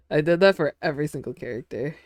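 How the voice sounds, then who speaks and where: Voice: medium pitch, lively intonation, brisk, no echo, studio quality. A streamer chatting casually with their audience while drawing. They ramble with lots of fillers and giggle often.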